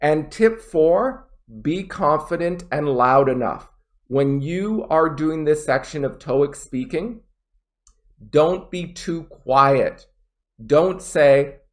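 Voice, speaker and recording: A native English-speaking man gives test-prep pronunciation tips. He talks slowly and deliberately, in a voice that sits a bit high for a man, and he demonstrates each point with care. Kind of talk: pronunciation lesson.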